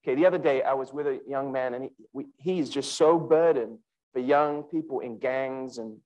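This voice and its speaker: A man giving an emphatic sermon at a student conference, speaking directly to listeners by name and slowing down to repeat key lines. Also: muffled recording. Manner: animated and emphatic, with wide pitch swings.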